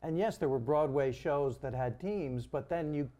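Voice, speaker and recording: A man's voice: on the high side, normal speed, dark tone. An older man from Long Island, co-hosting a casual chat and telling stories with dry jokes. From Long Island, New York. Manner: dry joking storyteller. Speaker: co-host.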